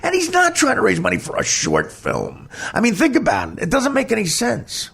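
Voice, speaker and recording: Man, comedian podcast host, gravelly, husky, high, lively pitch, blunt and heated storytelling. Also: a little fast. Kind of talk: candid personal storytelling.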